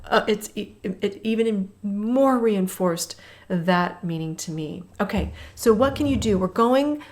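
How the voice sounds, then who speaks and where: A woman's voice: mid-range voice, measured pace, darkish tone. A woman in her fifties, a health coach hosting a walking workout, chatting and calling out intervals while she walks, a little breathless at times.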